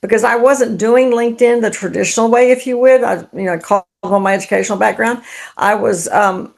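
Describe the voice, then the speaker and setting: A woman's voice: mid-range voice, gravelly. A woman in her fifties from the United States, a guest talking in a conversational, enthusiastic way over a remote call. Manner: enthusiastic, conversational, uses "if you will". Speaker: guest, LinkedIn strategist. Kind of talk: casual interview.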